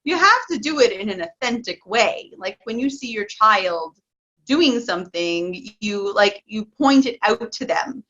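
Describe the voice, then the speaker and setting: A woman coaching parents in a casual interview, chatty and excitable, laughing often. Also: mid-range voice, measured pace, highs cut off.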